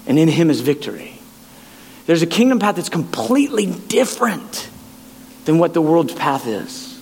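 A man's voice: fairly high pitch, very animated, normal speed, gravelly, a little mellow, in a large hall, a little hiss or hum. A man preaching a sermon in an impassioned way, often stammering and repeating words as he builds his points.

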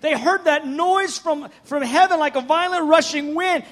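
High-voiced fervent male preacher. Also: moderate pace, a bit bright. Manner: fervent, conversational and rambling. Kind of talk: sermon.

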